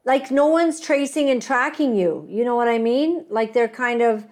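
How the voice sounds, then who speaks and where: A woman's voice: on the high side, moderate pace, darkish tone. A woman co-hosting a casual chat, reacting readily and laughing often.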